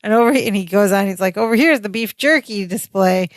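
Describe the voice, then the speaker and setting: A woman co-hosting a podcast, recapping scenes in a relaxed, chatty way and reading out the characters' lines as she goes. Her voice sits in a middling range and sounds dry and close on the mic. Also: mid-range voice, fast, no room sound. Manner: retells scenes, quoting dialogue. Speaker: podcast co-host. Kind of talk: casual chat recapping a sitcom episode.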